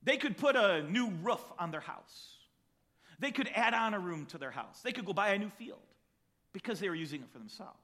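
A pastor delivers a sermon in a lively, conversational way and breaks into acted voices as he retells the story. His voice sits high for a man and has a bright, ringing tone. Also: brisk. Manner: animated, acts out voices in the story. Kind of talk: sermon with Bible reading.

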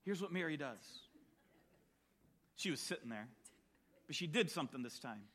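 A man preaching a sermon, telling a Bible story with animated storytelling and acting out the voices of the people in it. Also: fairly high pitch, moderate pace.

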